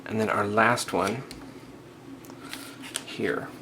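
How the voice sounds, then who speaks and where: He speaks on the low side with fairly even intonation, drawing out his words while leading a step-by-step crafting tutorial. Casual and thinking out loud, he checks in with the viewer as he works, often saying "okay" and restarting, over audible background noise.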